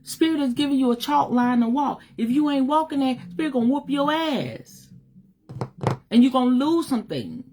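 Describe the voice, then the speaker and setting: A woman's voice: high voice, animated, moderate pace, dark tone. A middle-aged woman giving a livestream motivational talk as a spiritual teacher, emphatic, slangy and direct.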